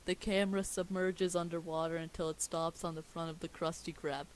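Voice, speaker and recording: A woman's voice: on the low side, little pitch movement, fairly quick, a little hiss or hum, low-quality recording. A woman reading a script aloud at home, joking at her own expense in a casual, sarcastic way. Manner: sarcastic, self-mocking asides. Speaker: script reader.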